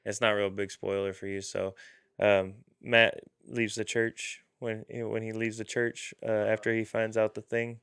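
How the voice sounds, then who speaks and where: A man co-hosting a casual chat, animated and profane, quick to laugh. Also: on the low side, clear, resonant tone, no room sound, studio quality.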